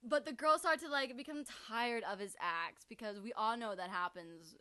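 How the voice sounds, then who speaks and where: A woman's voice: a little high, moderate pace, pushed and bright, clean tone. A young woman co-hosting a comedy podcast, chatting casually in a playful, teasing, mock-serious way. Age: young adult. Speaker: podcast co-host.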